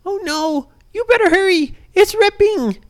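A woman voicing a small, sensitive male bunny in a bedtime story, in a high, squeaky storybook voice. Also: animated, a little slow, no room sound, clean studio sound. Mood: urgent.

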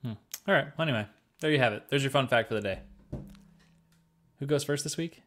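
A man's voice: mid-range voice, fairly quick, a bit bright, a little hiss or hum. A man co-hosting a podcast, chatting casually and going on ranting, swearing tangents. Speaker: podcast co-host. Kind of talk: casual chat.

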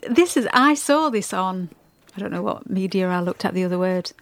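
A woman's voice: medium pitch, animated, normal speed. A woman with an English Midlands accent co-hosting a casual couple's podcast, chatty and giggly. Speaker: podcast co-host.

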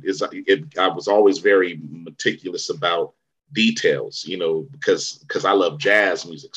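A man's voice: low-pitched, a bit bright, slightly rough, low-quality recording. A man from the Bay Area telling stories in a casual interview, rambling with many fillers and restarts. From Vallejo, Bay Area, California. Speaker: actor, interview guest.

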